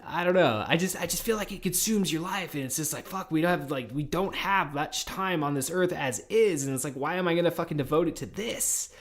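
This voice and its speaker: A podcast host in his early thirties, rambling casually and swearing a lot in a loose, animated monologue. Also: a little high. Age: 30s. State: tired and a little high.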